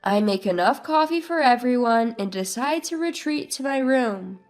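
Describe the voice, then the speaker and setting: A woman's voice: fairly high pitch, animated, moderate pace. A woman narrating a first-person story in a subdued, plaintive manner over faint music.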